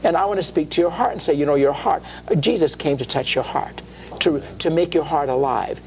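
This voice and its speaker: A man's voice: a little high, a little fast, lo-fi sound, a little hiss or hum. A man hosting a Christian radio program, talking about faith in an earnest preaching style that rises into emphatic questions.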